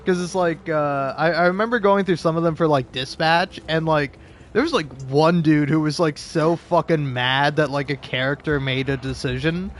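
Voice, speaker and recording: A young man streams a video game, rambling casually in a voice on the high side at a moderate pace. His commentary is full of swearing, filler words and laughing asides, with a little hiss or hum in the background.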